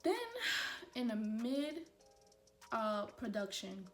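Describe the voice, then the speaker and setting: A young woman chats through a storytime while doing her makeup, talking straight to her viewers with animated energy. Her voice sits at a middle pitch and carries the echo of a bare room, with faint music underneath. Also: slow, recorded from a distance. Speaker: beauty vlogger.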